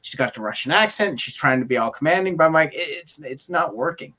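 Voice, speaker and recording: Co-host, male, higher register, exasperated animated ranter on a film chat show. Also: fast. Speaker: podcast co-host. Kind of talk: casual film discussion.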